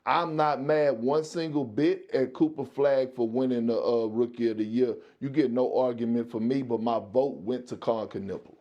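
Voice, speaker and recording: A man's voice: medium pitch, steady tone, moderate pace, hardly any pauses, dark tone, highs cut off. A man working as a sports analyst on a debate show, giving his take in a folksy way with homespun comparisons and stumbling restarts.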